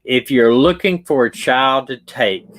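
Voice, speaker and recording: A man's voice: mid-range voice, unhurried, fairly bright tone, rough recording. A man with a Southern US accent, a retired detective hosting a livestream, talking through a case casually and restarting his sentences. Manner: rambling, restarts sentences, stumbles over words.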